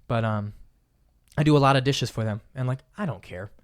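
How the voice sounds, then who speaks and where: Young male host, rapid and chatty, animated storyteller. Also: mid-range voice, clear, resonant tone. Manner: animated storyteller, acts out quoted voices. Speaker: podcast host. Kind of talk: casual chat.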